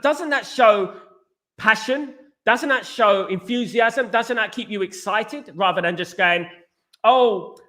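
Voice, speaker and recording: A man's voice: sits high, bright, forceful tone. A man hosting a casual football opinion show, talking animatedly and repeating himself, often calling his viewers "guys". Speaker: podcast host.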